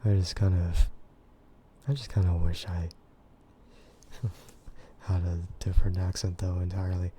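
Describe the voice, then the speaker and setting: An American man chatting in a soft, gentle ASMR voice, relaxed and hesitant with frequent giggles. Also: low voice, unhurried, long pauses, slight background noise. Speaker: VTuber streamer. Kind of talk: soft-spoken ASMR chat.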